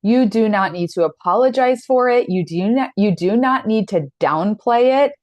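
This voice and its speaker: A woman in her thirties leads an online masterclass, earnest, direct and encouraging, slipping in animated quoted asides. Her pitch is medium and her speed normal; the recording has no echo but sounds muffled.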